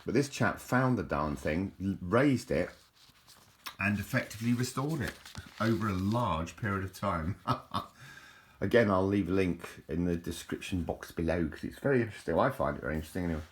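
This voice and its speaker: Male host, deep voice, casual and meandering with lots of restarts. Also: expressive, brisk. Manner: chatty, hesitant, with frequent restarts. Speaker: video host. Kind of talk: casual rambling commentary over photos.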